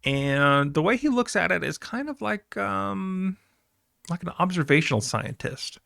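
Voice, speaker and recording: A man's voice: high-pitched, expressive, measured pace, gravelly, fairly bright tone, no echo, clean studio sound. A man teaching a class in a recorded lecture, talking conversationally with fillers and asides.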